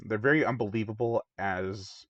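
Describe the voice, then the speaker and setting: On his own channel, a movie reviewer gives a casual, wandering take on a film, often impersonating its characters. His voice is on the low side, a bit bright, with a breathy edge. The recording is dull, lo-fi, and dry with no echo.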